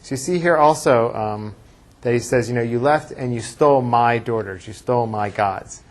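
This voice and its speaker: A man's voice: medium pitch, normal speed. Man teaching a class, thinking aloud. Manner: thinks aloud, reads verses aloud with emphasis. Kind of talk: classroom lecture with discussion.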